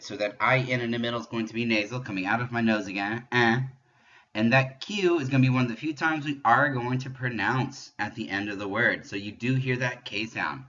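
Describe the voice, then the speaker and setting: A man giving a patient pronunciation lesson, explaining French sounds step by step and demonstrating them slowly. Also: medium pitch, a bit bright, muffled recording. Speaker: French teacher.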